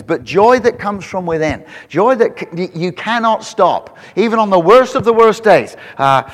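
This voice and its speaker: A man preaching a sermon to a congregation, telling animated stories with frequent restarts. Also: fairly high pitch. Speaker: pastor. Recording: long hall reverb.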